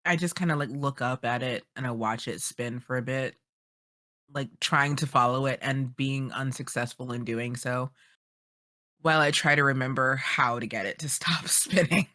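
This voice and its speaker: Low, dry-voiced woman player. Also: normal speed, pushed and bright, no echo. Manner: chatty, hesitant, lots of fillers. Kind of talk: casual tabletop play.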